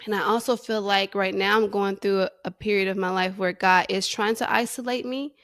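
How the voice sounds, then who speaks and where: A woman hosting a faith podcast, speaking candidly and emotionally about her struggles, close to tears, with restarts and soft laughs. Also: mid-range voice, steady tone, fairly quick, no room sound. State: near tears. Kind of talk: personal reflective monologue.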